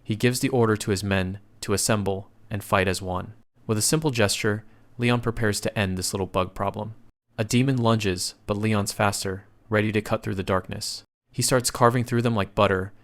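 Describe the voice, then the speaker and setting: A man narrating a comic story recap in a scripted, casual and slangy retelling. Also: fairly low pitch.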